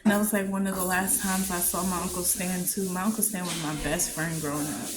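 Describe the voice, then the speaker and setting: A woman giving a candid, heartfelt personal message to camera, often halting and trailing off softly. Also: on the low side, steady tone, heavy background noise. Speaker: vlogger sharing a personal message. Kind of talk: emotional personal testimony to camera.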